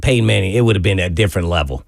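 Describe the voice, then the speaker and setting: A man's voice: low-pitched, rapid-fire, vocal fry, dry recording, clean studio sound. A man co-hosting a sports radio show, talking casually and teasing his partner in a loose, conversational way.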